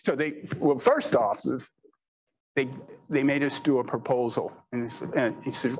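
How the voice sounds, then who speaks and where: A man's voice: medium pitch, measured pace, darkish tone, a little hiss or hum, rough recording. Man telling rambling business stories. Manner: rambling, heavy on "you know", laughs at own stories. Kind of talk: anecdotal storytelling talk.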